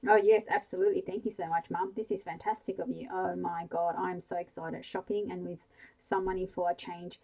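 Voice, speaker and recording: A woman voicing a teasing, excitable younger sister in a whispered bedtime story. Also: fairly low pitch, brisk, gravelly, poor audio. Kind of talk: whispered role-play.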